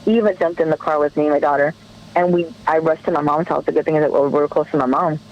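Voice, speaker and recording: A woman's voice: low-pitched, steady tone, quick pace, dull audio. A woman guest on a podcast telling a personal story in an earnest, emotional way, often restarting her sentences.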